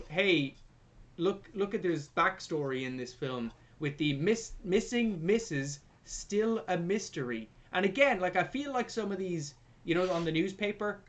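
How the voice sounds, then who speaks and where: A young man hosting a podcast, retelling a film plot in a jokey, sweary, animated way. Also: high voice. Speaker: podcast host. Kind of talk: casual film review chat.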